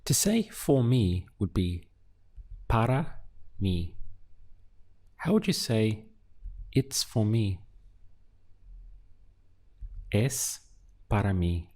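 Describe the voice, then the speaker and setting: A man teaching a language lesson, speaking calmly and patiently and pausing often so the listener can answer. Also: fairly low pitch. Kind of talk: slow, deliberate language lesson.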